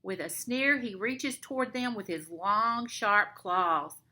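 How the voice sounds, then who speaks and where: A woman teacher reads a picture book aloud, her voice bright and high with a very lively rise and fall. She takes her time, drawing out each line slowly for young listeners. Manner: expressive storytime narration. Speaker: elementary school teacher.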